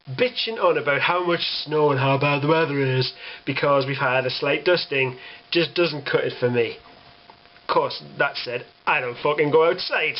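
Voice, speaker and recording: A man's voice: on the high side, dull audio. A young British man delivering a sarcastic, exasperated rant to camera, swearing freely. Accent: British English. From Britain. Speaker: vlogger. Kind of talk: ranting monologue.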